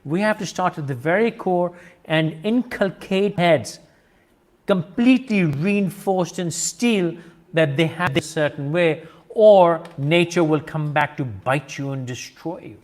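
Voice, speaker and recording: Emphatic high-voiced man hosting. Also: measured pace. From Pakistan. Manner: emphatic, insistent. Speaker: host. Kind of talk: video-call discussion.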